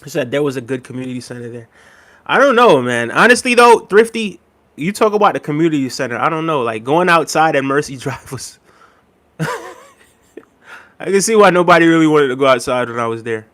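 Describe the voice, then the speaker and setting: Young guy rambling on his stream, laughs a lot, voice a bit on the high side. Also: fairly quick. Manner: relaxed, rambling, laughs often. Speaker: livestream host. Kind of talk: casual chat reading viewer comments.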